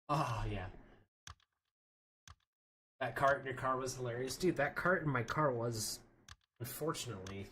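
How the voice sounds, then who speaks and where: Unhurried and pausing often, a streamer with a mid-range voice that sounds sharp and slightly rough chats casually as he games. He drifts from story to story and laughs a lot.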